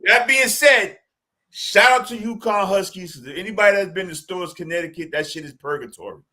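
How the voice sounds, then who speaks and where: Bright-voiced, profane man with a Boston accent. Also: sits high, lively intonation, normal speed. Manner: profane, laughing, emphatic storyteller. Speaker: podcast co-host. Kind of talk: casual sports chat.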